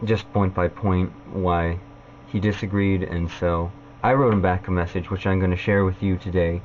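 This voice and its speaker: A man vlogging a point-by-point rebuttal, halting and full of "uh" fillers. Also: low voice, steady tone, a little mellow, dull audio, a little hiss or hum. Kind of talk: casual vlog rebuttal.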